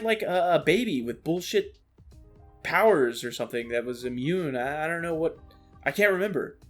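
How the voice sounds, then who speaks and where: A man ranting about a video game, animated, exasperated and full of swearing. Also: a little high. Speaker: streamer. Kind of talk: ranting gameplay commentary. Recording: faint lo-fi music underneath.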